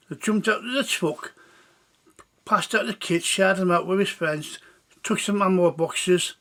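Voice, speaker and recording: A man telling a war story in a slow, halting way. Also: high voice, creaky, pushed and bright.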